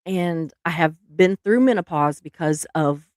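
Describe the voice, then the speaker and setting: A woman's voice: on the low side, a little slow, dry recording, clean studio sound. A woman, hosting a casual livestream and chatting with viewers, laughing often and restarting her sentences. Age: 50s. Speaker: livestream host. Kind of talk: casual chat with live viewers.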